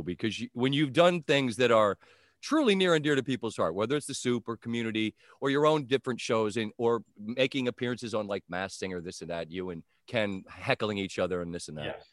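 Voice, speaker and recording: A man's voice: medium pitch, expressive, fairly quick, no echo, studio quality. A man hosting a casual chat show, talking in a wry, chatty way. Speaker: host. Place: home, in a neighbor's yard.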